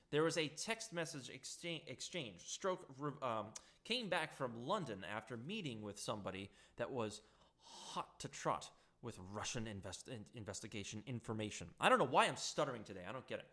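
A man's voice: mid-range voice, a bit bright. Indignant man ranting on politics. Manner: indignant, sarcastic, stumbles over words. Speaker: political commentator.

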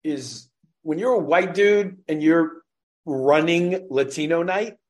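A man's voice: on the high side, takes it slowly. A man, a comedian, chatting casually on a podcast with a slight Indiana drawl, telling stories with lots of swearing. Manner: profane, animated storyteller.

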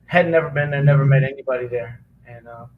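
Earnest man, halting and emotional. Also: mid-range voice, phone-quality sound, a little hiss or hum. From Chicago area. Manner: halting, earnest, many restarts and fillers. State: near tears, choked up. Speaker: podcast guest, former police officer. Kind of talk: emotional personal testimony.

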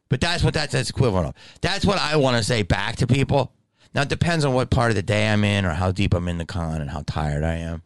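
A deep-voiced man with a gravelly edge talks in a loose, profane ramble. He tells stories from a convention in a casual monologue to camera, recorded dry and close with no room sound. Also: fast talker, no room sound. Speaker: stand-up comedian and convention guest.

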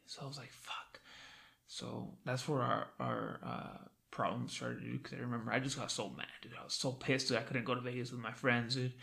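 A man's voice: mid-range voice, fairly even intonation, brisk, creaky, few pauses, sharp tone. A young man hosting a casual podcast, telling stories with a lot of swearing and "dude" after every few words. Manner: profane, says "dude" constantly. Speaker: podcast host. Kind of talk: casual storytelling chat.

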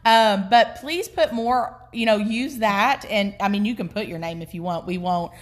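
A woman's voice: mid-range voice, normal speed. Earnest, hesitant woman podcast co-host. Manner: earnest, hesitant, lots of ums. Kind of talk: casual chat.

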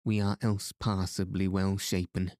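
A man's voice: deep voice, little pitch movement, a little slow, a little mellow, no room sound, clean studio sound. A man reading the lines of a stern, hunchbacked medieval duke in a harsh, curt way.

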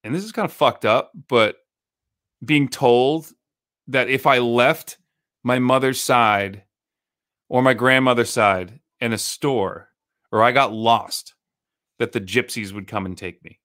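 A man's voice: medium pitch, takes it slowly, long pauses, fairly bright tone. A man in his thirties chatting casually as a podcast co-host, retelling a scary story with lots of swearing. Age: 30s. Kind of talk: casual chat.

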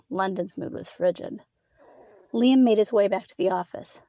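A woman narrating a scripted erotic story in an even, measured reading. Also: mid-range voice, vocal fry, no echo.

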